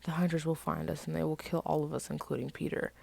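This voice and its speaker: A woman voicing a stern male vampire elder who speaks in a low, hushed tone while reading her story aloud. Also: little pitch movement, quick pace, gravelly, husky, full character voice.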